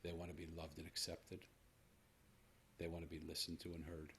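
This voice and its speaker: A man's voice: low-pitched, monotone, a little fast, a bit bright, slight background noise. A man in his sixties, a podcast host telling a personal story to his guest in an earnest, reflective way. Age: 60s.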